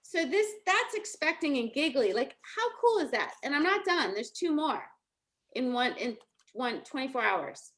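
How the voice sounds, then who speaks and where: Here a middle-aged woman works as a coach, giving an informal motivational talk and sharing stories with lots of laughter. Her high voice swings widely in pitch at a normal speed, sounding a bit bright and chatty.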